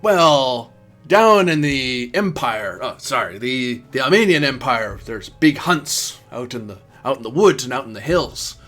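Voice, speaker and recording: A man's voice: medium pitch, very animated, a little slow, a bit bright, faint music behind. A man voicing a jolly, chatty foreign hunter with a put-on accent who ends his remarks with questioning tags. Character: jolly middle-aged foreign male hunter.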